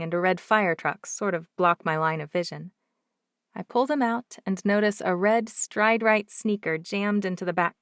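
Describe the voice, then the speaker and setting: A woman narrates a first-person romance audiobook in an expressive, lively way. Her voice is somewhat low, and the sound is dry and close to the mic, with no room echo.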